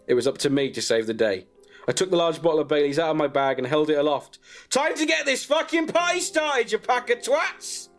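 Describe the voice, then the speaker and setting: A man narrating a comic story in a deadpan way, chuckling at his own jokes. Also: mid-range voice. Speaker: comedian storyteller.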